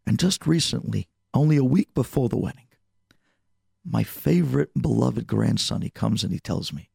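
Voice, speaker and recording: A man voicing a gentle eighty-seven-year-old man who speaks softly and earnestly. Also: medium pitch, animated, moderate pace, gravelly, breathy edge, no room sound, clean studio sound, full character voice. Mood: tender.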